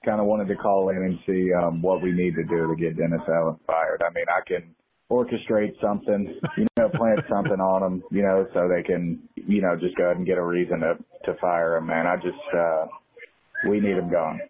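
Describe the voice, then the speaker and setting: Low flat husky male caller. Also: a little fast, no room sound. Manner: mumbling, filler-heavy, scheming. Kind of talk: phoned-in voicemail. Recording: tinny phone line.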